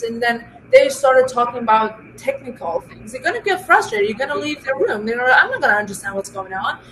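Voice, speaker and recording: High-voiced woman telling animated work stories. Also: a little hiss or hum, rough recording. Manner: animated storytelling, many fillers and restarts. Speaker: data scientist guest. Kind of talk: casual interview conversation.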